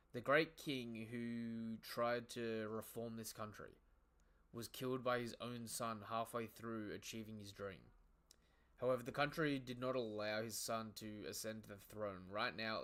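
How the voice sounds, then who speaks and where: A man reading out the lines of a blunt female giant schoolteacher in a steady, lecturing way. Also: on the low side, lightly acted.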